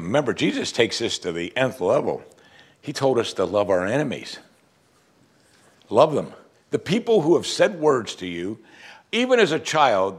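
A pastor delivers a sermon in a lively, conversational way, doing voices for the people he quotes and telling jokes to the congregation. His voice sits on the low side with a breathy edge.

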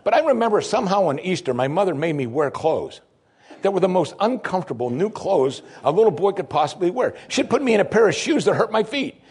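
A man preaching a sermon, lively and humorous, who drops his voice low and soft when quoting pleas. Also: fairly quick, slightly rough. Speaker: pastor.

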